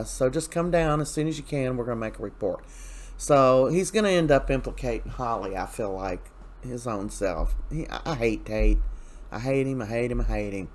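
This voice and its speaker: A man hosting a casual soap opera recap, chatty and opinionated, retelling scenes with loose asides. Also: medium pitch.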